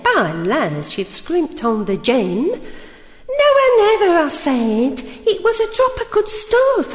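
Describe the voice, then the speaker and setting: A woman's voice: high voice, heavily acted. A woman voicing a chatty, gossiping woman who runs a village cafe, rattling off cheery rhyming patter and saying "me" for "my". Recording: roomy hall with long reverb.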